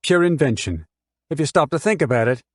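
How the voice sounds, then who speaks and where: A man's voice: on the high side, animated, brisk, dry recording, clean studio sound, pitched above the performer's own voice, natural voice. A man reading an audiobook voices a woman on the witness stand, a mother who answers with scorn and precise, argumentative replies. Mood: indignant.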